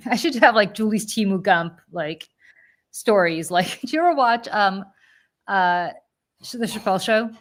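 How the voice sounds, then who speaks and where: A woman in her forties co-hosting a podcast, telling a story in a lively, casual way with many fillers and self-corrections. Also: medium pitch, measured pace. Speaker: podcast co-host.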